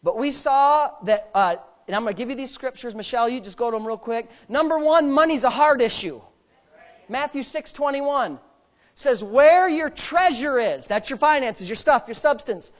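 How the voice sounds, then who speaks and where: At a moderate pace, an animated male pastor delivers his sermon in the sanctuary. He swings between loud, emphatic bursts and low asides laced with humor.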